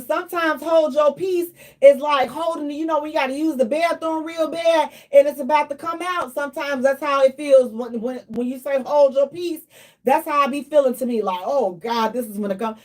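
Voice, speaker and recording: A woman hosting a radio talk show in a lively, playful storytelling manner. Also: high-pitched. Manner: animated, playful, slips into mock prayer and acted quotes.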